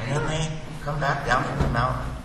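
A man preaching a sermon, telling the story in a lively, animated way and slipping into comic voices. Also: fairly high pitch, normal speed, heavy background noise. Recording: echoey hall, distant mic, faint ambience.

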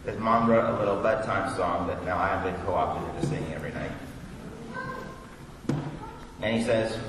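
In an echoey hall captured on a distant mic with background noise, a mid-range-voiced pastor talks quickly. He opens his sermon with a conversational personal story, quoting dialogue as he goes.

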